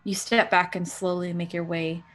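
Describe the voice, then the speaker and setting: A woman game master narrating a horror tabletop game in an unhurried, descriptive way with fillers. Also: fairly low pitch, little pitch movement, a bit bright.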